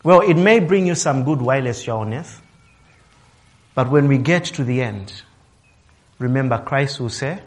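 A man delivers a sermon in a somewhat high voice. He rises and falls in pitch and loudness to stress his points, acting out quotes and breaking into short laughs. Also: lively intonation, measured pace. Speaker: preacher. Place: office worker.

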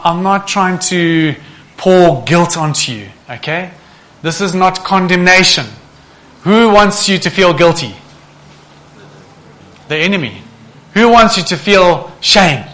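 Pastor preaching, punchy bright voice, lots of questions to the crowd. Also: male voice, on the high side. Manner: animated, asks the congregation rhetorical questions. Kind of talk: sermon.

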